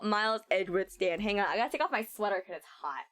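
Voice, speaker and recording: A young adult woman streaming a game in casual chat, animated and giggly, swearing freely into a desk microphone. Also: medium pitch, quick pace, hardly any pauses.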